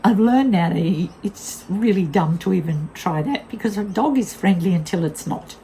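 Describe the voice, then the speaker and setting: A woman's voice: on the low side, animated, normal speed, dark tone, slight background noise, low-quality recording. An older woman tells a casual vlog story in a blunt, candid way, laughing often. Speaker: vlogger.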